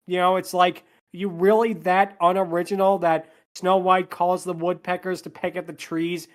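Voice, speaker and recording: A man's voice: high voice, flat delivery, moderate pace, hardly any pauses. A man hosting a podcast, walking through a movie's plot scene by scene and dropping sarcastic asides. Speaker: podcast host.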